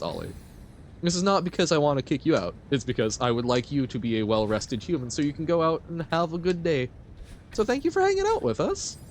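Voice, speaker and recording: A man chats loosely with his audience while playing a game on a live stream. His pitch swings up and down in an animated way, and he rambles, laughs a lot and answers comments as they come. There is a faint hum of noise behind him. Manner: rambling, chatty, laughs often, answers chat.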